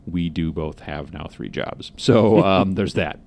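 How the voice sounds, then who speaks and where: A man with a very deep voice talks casually as a podcast co-host. He rambles in loose, meandering sentences, full of ums and restarts, as he catches up from an office. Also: a little slow, vocal fry, a little mellow. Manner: rambling, lots of fillers and restarts. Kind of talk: casual chat.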